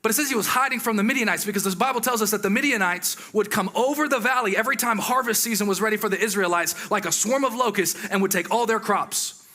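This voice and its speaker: A man preaching a sermon in a lively, conversational way, with exclamations and asides to the congregation. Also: sits high, fast.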